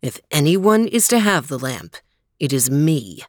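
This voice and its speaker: Lady putting on a low growly scheming vizier, out for revenge, dry close sound. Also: sing-song, measured pace, no echo, full character voice. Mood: vengeful. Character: scheming vengeful male vizier magician.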